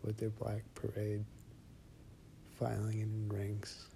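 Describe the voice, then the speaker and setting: Low gravelly guy whispering a creepy story real slow, flat voice, bit of hiss. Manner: slow, hushed, often whispered delivery. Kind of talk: first-person horror story narration.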